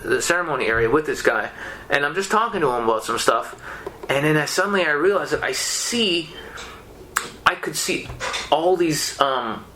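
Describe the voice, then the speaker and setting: A man's voice: a little high, normal speed, slight background noise. A young man on a podcast, casually telling a story with constant swearing and lots of restarts. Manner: profane, animated, many restarts. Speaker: podcast guest.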